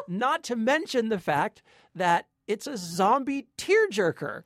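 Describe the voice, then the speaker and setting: A man's voice: high-pitched, very animated, slow, no echo, studio quality. A man co-hosting a film review chat, emphatic and sardonic as he tears into a movie. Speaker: co-host.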